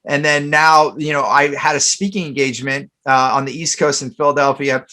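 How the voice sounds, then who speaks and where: A man's voice: on the high side, steady tone, fairly quick, bright, forceful tone. A man hosting a casual podcast chat, telling stories in a rambling way with many fillers and restarts. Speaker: podcast host.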